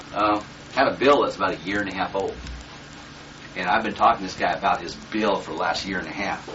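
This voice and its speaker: A man's voice: on the low side, sharp tone. A man giving a live seminar talk in a blunt, profane way, often checking in with his listeners. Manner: blunt and profane, checks in with "okay?" and "does that make sense?". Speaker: seminar instructor. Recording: distant, dull lo-fi room recording with faint noise.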